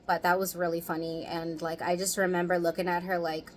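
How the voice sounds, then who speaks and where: A woman's voice: on the low side, little pitch movement, a little fast, hardly any pauses, slight background noise, low-quality recording. A woman in her thirties telling candid stories to camera in casual chat. She swears freely and laughs often. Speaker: vlogger.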